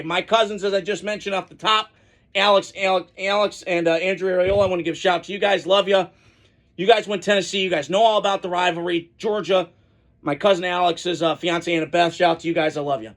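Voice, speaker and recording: A man's voice: high-pitched, fairly bright tone. A man hosting a college football podcast, giving casual, opinionated solo commentary with rambling asides and frequent restarts.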